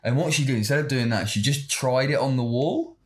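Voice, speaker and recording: A man's voice: medium pitch, brisk. A man hosting a podcast in casual chat, swearing freely as he tells a story. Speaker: podcast host.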